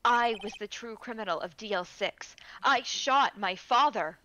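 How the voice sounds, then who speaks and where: A woman's voice: fairly high pitch, pushed and bright. Woman reading as a haunted young prosecutor. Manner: somber, halting confession. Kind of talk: reading game dialogue aloud.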